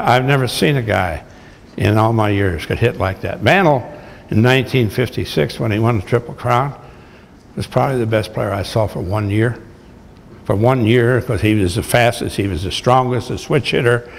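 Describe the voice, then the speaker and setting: An older man, a retired baseball manager, tells folksy, blunt, salty stories to an audience in a large hall. His voice sits on the low side with vocal fry, and the echoey recording carries a little hiss or hum.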